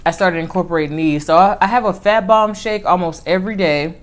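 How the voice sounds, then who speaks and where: A woman vlogger telling a personal story in casual chat, animated, with lively swings in pitch and volume. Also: brisk.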